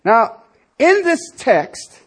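Preaching a sermon, this pastor uses an extremely high, slightly bright, sing-song voice and speaks extremely slowly. He is emphatic and full of rhetorical questions, often pausing to check in with listeners.

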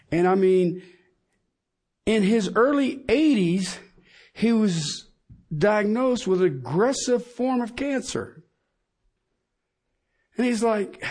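A man's voice: sits high, a little mellow. A middle-aged man preaching a sermon, emphatic and asking the congregation questions.

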